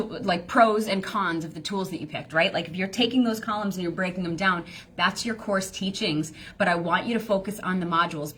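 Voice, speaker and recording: A woman's voice: medium pitch, fairly bright tone, husky. A woman business coach teaching casually on a live stream, rambling and chatty with lots of fillers.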